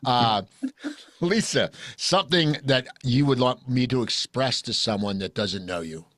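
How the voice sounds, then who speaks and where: A man's voice: mid-range voice, a little slow, dry recording, studio quality. Blunt joking male podcast host. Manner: blunt, animated, jokey storytelling. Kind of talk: casual group chat. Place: recording studio.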